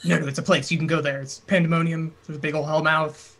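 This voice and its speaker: A man's voice: a little high, little pitch movement, quick pace, vocal fry, fairly bright tone, rough recording. A man in a tabletop role-playing game, speaking in character with a brash, casual storytelling manner. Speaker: player.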